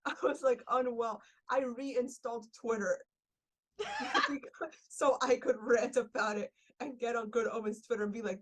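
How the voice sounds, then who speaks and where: A woman's voice: on the high side, very animated, unhurried. Young woman gushing in casual chat. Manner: gushing, laughing, filler-heavy storytelling. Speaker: podcast guest.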